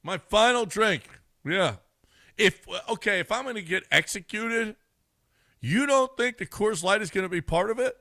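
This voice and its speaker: Bright-voiced man rambling on sports radio. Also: high-pitched, animated, normal speed, dry recording, clean studio sound. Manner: rambling, repeats himself, laughs easily. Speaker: radio show regular. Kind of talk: casual sports radio banter.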